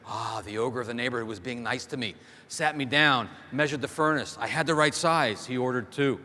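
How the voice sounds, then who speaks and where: A man's voice: medium pitch, brisk, sharp tone. Male keynote speaker, storytelling, rhetorical questions, mid-range voice, big hall reverb. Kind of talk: motivational keynote speech. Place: large hall stage before a big audience. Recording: long hall reverb from a stage.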